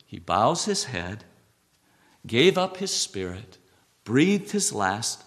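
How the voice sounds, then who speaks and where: A man preaching a sermon, reading scripture slowly and swinging between a hushed voice and raised, emphatic lines. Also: medium pitch, sing-song. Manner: reads scripture aloud with slow emphasis.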